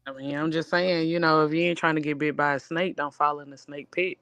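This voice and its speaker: A woman's voice: low-pitched, fairly quick, smooth, no echo. Chatty Southern woman, dry close sound. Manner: animated, drawling, lots of fillers. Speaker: podcast co-host. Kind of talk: casual barbershop-style chat.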